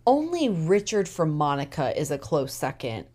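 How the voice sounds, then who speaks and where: A woman co-hosting a podcast, recapping a TV episode in a casual, animated way with emphatic opinions; she is tired. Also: low voice, normal speed. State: tired, yawning. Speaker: podcast co-host.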